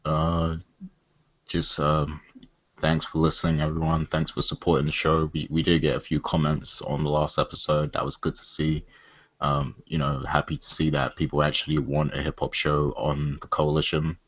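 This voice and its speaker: A man co-hosting a casual hip hop podcast, talking in a measured, hesitant way with many pauses. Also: very deep voice, monotone, fairly bright tone, dry recording, muffled recording. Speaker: podcast co-host.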